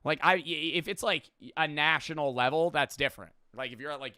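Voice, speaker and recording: A man's voice: fairly high pitch, a little fast, pushed and bright, clear, resonant tone, dry recording, studio quality. A young man streaming, chatting casually in a rambling, profane, offhand way while reacting to a video.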